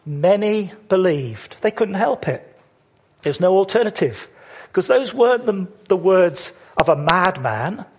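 Unhurried yet animated, a male preacher with a husky, fairly high voice gives a sermon. He drives points home emphatically, asking rhetorical questions and drawing out important words for emphasis.

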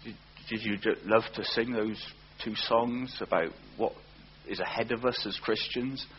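A man preaching a sermon, earnest, often slowing down and repeating words for emphasis. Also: lowish voice. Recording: dull lo-fi recording with faint hum.

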